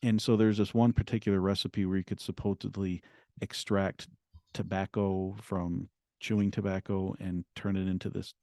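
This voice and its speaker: A middle-aged man speaks as an interview guest, recounting his past in an earnest, halting way that often restarts mid-sentence. His voice sits low and mellow. The recording is close and dry. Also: flat delivery, dry recording. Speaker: guest, memoir author. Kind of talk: telling his story in an interview.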